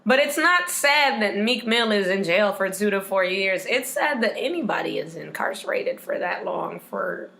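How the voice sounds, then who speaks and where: Podcast co-host, woman, 20s, bright and sharp tone, profane and blunt. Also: mid-range voice, animated, moderate pace, gravelly, hardly any pauses. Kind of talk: casual chat.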